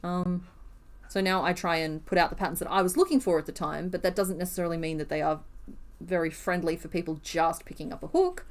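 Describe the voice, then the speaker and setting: A woman's voice: lowish voice, steady tone, a little fast. A woman, chatting casually on a live stream while she crochets, answering viewers and teasing herself. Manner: chatty, self-deprecating, answers chat questions.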